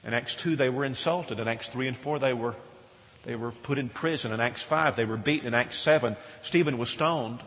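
A man's voice: medium pitch, moderate pace, fairly bright tone. A man preaching a sermon, earnest and emphatic, often asking his listeners questions. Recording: reverberant hall.

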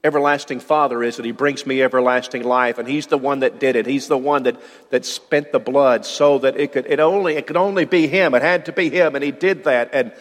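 A man's voice: medium pitch, fairly even intonation, a little fast, long reverb tail. A man preaching a sermon, earnest and given to repeating words as he builds a point.

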